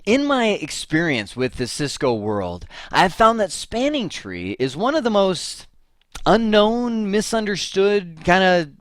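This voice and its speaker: A middle-aged man teaching an IT course, who tells stories in a lively way and acts out both sides of a phone call. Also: high-pitched, unhurried, dry recording, clean studio sound. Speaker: IT instructor. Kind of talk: casual lecture with a told anecdote.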